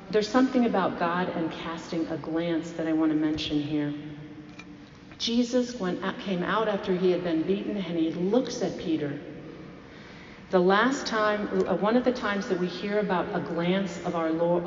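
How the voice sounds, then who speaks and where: A woman with a fairly low voice preaches, retelling a story and putting rhetorical questions to her listeners. Her voice rings through a large reverberant hall, captured on a dull, lo-fi recording with faint background noise. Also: normal speed. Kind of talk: sermon. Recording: echoey hall, dull lo-fi sound.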